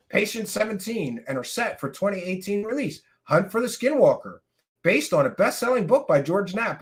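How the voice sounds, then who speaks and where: Animated ranting man, bright voice. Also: sits high. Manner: animated, sarcastic, bursts into shouting. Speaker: show host. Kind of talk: ranting commentary.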